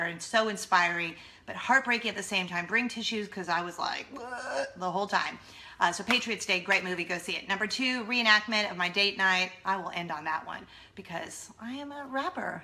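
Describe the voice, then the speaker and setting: A woman's voice: medium pitch, bright, forceful tone. A woman, a mother, chatting casually and self-deprecatingly to her camera. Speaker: vlogger, mother of two. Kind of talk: casual vlog chat.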